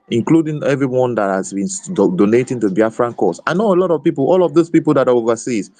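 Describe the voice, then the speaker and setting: A man's voice: medium pitch, a little mellow, dry recording. A man giving an impassioned, emotional political speech in an online audio room, fervent and repetitive, with frequent restarts.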